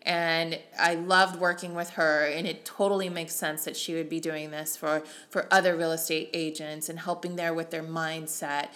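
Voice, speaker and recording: Speaking at a moderate pace with hardly any pauses, a middle-aged mindset coach for real estate agents talks about self-talk in a motivational solo talk. Her low, slightly bright voice has little pitch movement, and her delivery is earnest and emotional.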